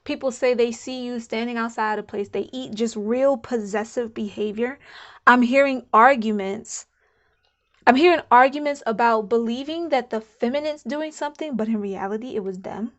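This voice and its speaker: A woman's voice: on the high side, moderate pace. A woman giving a casual channeled spiritual card reading, musing aloud and repeating herself. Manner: chatty, musing, repeats herself, laughs now and then.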